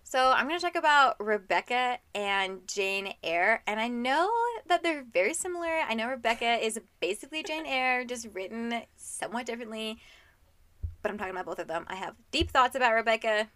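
A young woman co-hosting a casual book podcast, chatty and quick to laugh, filling her talk with "like.". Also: a little high, animated, sharp tone, dry recording. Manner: chatty, laughs often, lots of "like". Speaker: podcast co-host.

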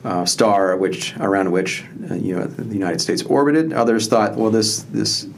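A man's voice: lowish voice, expressive, moderate pace, a little hiss or hum. A man from southwestern Ohio, a historian and interview guest, speaking thoughtfully with many fillers and restarts. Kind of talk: conversational interview.

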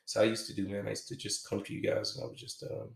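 A man hosting a podcast, talking in a halting, reflective, casual way with some swearing. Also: lowish voice, monotone, creaky. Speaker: podcast host. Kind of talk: confessional podcast monologue. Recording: echoey room.

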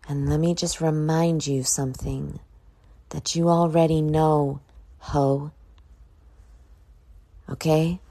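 A woman hosting her own podcast, just woken up and yawning, talking in a slow, reflective drawl with casual swearing. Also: sits low, steady tone, warm tone. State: sleepy, yawning. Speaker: podcast host. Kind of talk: casual solo podcast talk.

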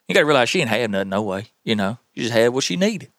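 A man with a Southern US accent hosting a podcast, telling tall tales in a folksy, animated way. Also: mid-range voice, fast talker, few pauses, dry recording, studio quality. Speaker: podcast host. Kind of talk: tall-tale storytelling.

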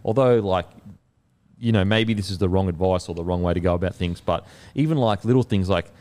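A man hosts a casual podcast chat with a fairly low-pitched voice. He talks enthusiastically and swears freely as he shares his own thoughts. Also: brisk, darkish tone. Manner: enthusiastic, swears freely, reacts with short interjections. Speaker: podcast host.

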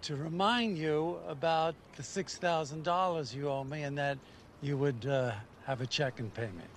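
A man's voice: on the high side, moderate pace, slight background noise, lightly acted. An actor playing a fussy, indignant middle-aged man who insists on a debt he's owed in a TV sitcom scene, nitpicking and whiny. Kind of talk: TV sitcom dialogue.

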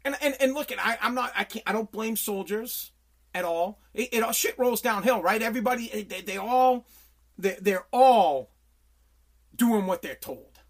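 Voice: medium pitch, moderate pace. A podcast host in an angry political rant, swearing constantly, hammering the same phrases over and over and stumbling over restarts when worked up. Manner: profane, heated, repeats phrases for emphasis.

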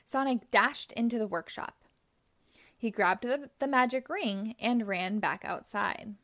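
A woman reading a children's chapter book aloud, narrating slowly and carefully. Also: fairly high pitch, sharp tone. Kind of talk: read-aloud storybook narration.

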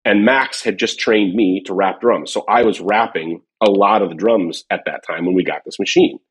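A man talks casually, spinning long stories with restarts and fillers. His voice sits a little low and has a husky, breathy edge. He sounds relaxed and conversational. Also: moderate pace. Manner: rambling storyteller, many fillers and restarts. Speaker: former drum company worker telling stories. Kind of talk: casual podcast chat.

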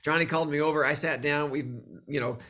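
Man telling animated stories in an interview. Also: on the high side, fast talker. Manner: animated storyteller who acts out quoted voices. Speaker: guest comedian. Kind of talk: storytelling in a conversational interview.

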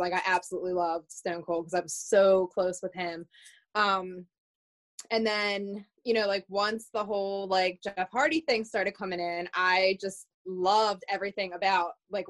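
Podcast guest, woman, excited and gushing, casual delivery. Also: mid-range voice. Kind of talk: casual chat.

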